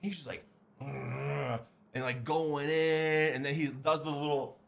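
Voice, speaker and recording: A man streaming live, telling chat a crude, animated story full of swearing. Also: on the high side, a little slow, creaky.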